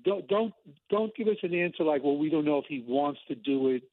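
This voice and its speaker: A man calls in over a tinny, dry phone line. His voice is slightly high, and he speaks politely and a bit haltingly. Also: lively intonation, no echo. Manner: polite, halting, searches for words. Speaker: caller. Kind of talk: radio call-in question.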